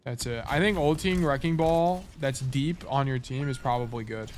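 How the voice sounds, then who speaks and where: A man's mid-range voice, at normal speed with slight background noise, walks through a game replay as casual live-stream coaching. Laid-back and slightly sleepy, he thinks out loud and often drifts off mid-thought to correct himself.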